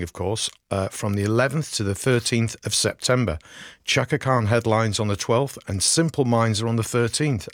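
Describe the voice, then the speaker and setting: A man's voice: mid-range voice, dry recording. A man presenting a rock radio show, chatting enthusiastically and self-deprecatingly with fillers, at a studio microphone. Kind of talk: casual radio DJ chat.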